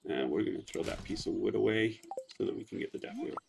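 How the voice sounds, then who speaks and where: A man casually commenting on gameplay in a relaxed, chatty way, with frequent hesitations. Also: on the low side, fast, vocal fry, background noise. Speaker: let's play host.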